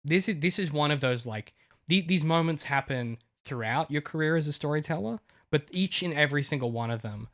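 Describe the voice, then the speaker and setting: A man's voice: a little high, expressive, fairly quick, fairly bright tone. A male podcast co-host and novelist in casual chat, talking emotionally in long rambling runs full of restarts.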